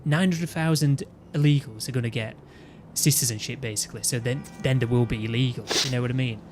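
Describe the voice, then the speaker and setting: A man's voice: mid-range voice, a little fast, music in the background. A man, chatting casually and ranting in a rambling way, often restarting his sentences. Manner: rambling, with frequent restarts and "you know what I mean". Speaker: gaming video host.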